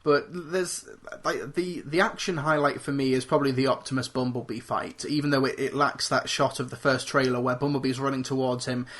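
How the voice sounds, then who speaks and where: A man's voice: mid-range voice, fairly even intonation, brisk, few pauses, fairly bright tone. A man co-hosting a movie podcast, chatting casually and rambling through critiques with frequent restarts. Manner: rambling, restarts often, quotes lines in put-on voices. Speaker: podcast co-host. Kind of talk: casual movie review chat.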